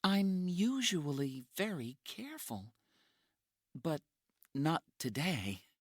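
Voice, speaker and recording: A man's voice: a little high, very animated, slow pace, dry recording, studio quality, pitched above the performer's own voice, exaggerated voice. A man voicing a frightened, injured young woman in a storybook reading, with pleading, breathless cries. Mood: weak, grateful.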